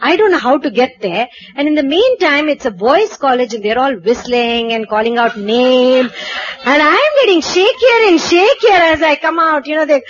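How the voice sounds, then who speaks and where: A woman from India, telling a personal anecdote in a lively way, acting out dialogue and laughing at herself. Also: sits high, normal speed, lo-fi sound. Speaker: storyteller. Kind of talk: personal anecdote told to an audience.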